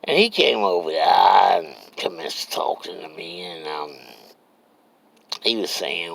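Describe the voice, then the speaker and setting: Slow, gravelly Cajun man telling a story. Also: deep voice, big pitch swings. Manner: rambling, drawling, keeps asking "you understand me". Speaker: comedic storyteller. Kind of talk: casual profane storytelling monologue.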